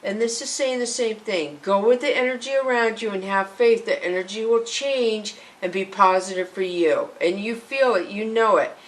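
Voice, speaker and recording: A woman's voice: medium pitch, moderate pace, hardly any pauses, poor audio. A woman giving a casual tarot card reading, talking earnestly to her viewers and reading card texts aloud. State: emotional, fighting tears at times. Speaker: tarot reader.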